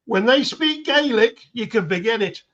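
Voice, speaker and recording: A man's voice: very high voice, animated, moderate pace, fairly bright tone. A man co-hosting a casual live-stream chat over a video call, tossing in wry, joking asides. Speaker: co-host on a panel. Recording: dull lo-fi remote audio.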